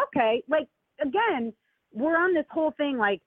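Woman caller, lively casual political chat, tinny dry phone line. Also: normal speed, dry recording. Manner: animated, swoops high when mocking others. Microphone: phone call.

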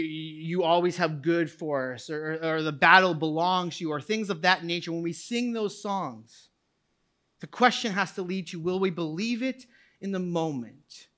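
High, bright-voiced male preacher. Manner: swings from quiet reflection to shouted preaching. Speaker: pastor. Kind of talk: sermon. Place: church sanctuary.

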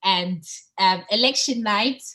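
A woman co-hosting a podcast in casual chat, chatty and getting excited on politics, with lots of fillers and restarts. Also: mid-range voice, takes it slowly. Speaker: podcast co-host.

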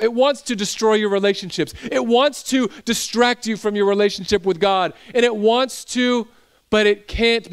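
Young guy pastor telling a story in a sermon, kinda high voice, gets intense when he preaches. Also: smooth.

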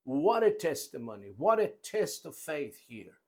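A man preaching a sermon, emphatic, with his loudness rising and falling and his phrases slow and deliberate. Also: a little high, big pitch swings.

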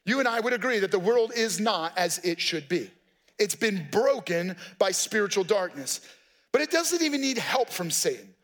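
A man with a notably high-pitched voice delivers a sermon. He talks to the congregation like a friend, mixing casual asides with firm points of teaching. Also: big pitch swings, moderate pace, fairly bright tone. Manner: conversational, folksy preaching with asides. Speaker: pastor.

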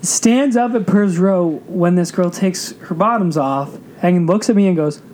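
Mellow-voiced man on a podcast. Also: high-pitched, measured pace, a little hiss or hum. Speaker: podcast guest, wrestling promotion announcer. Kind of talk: casual podcast chat.

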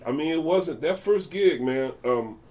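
Animated male storyteller doing voices. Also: on the high side, measured pace. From United States. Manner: animated, acts out voices in anecdotes. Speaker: jazz bassist guest. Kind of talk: casual storytelling interview.

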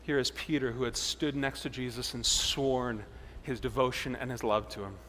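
A man's voice: steady tone, moderate pace, slight background noise. Dramatic preacher man in a reverberant hall. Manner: dramatic, swings between loud emphasis and hushed low tones. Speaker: pastor. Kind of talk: sermon.

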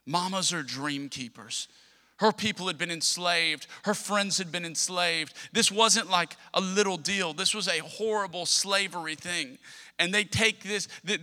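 A man's voice: high-pitched, bright, forceful tone. A man, preaching a sermon in an impassioned, repetitive cadence. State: tearful at times. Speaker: pastor. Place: church sanctuary. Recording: long church hall reverb.

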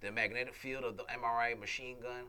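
Bright, playful talk show host. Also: male voice, medium pitch, steady tone, fast talker, clear, resonant tone. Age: 40s. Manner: profane, playful, reads news stories aloud. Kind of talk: casual talk show banter.

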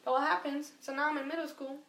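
A woman telling a story in casual chat, animated and profane, acting out the voices of the people in it. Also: high-pitched, fast, reverberant. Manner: animated, profane, acts out quotes.

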